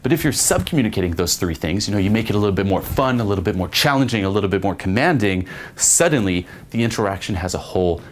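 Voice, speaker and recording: Young male dating coach with a low-leaning voice; casual, profane, keeps asking "okay?". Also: lively intonation, fast. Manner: casual, swears, says "okay?" and "you know" often. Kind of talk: spoken lesson with acted examples.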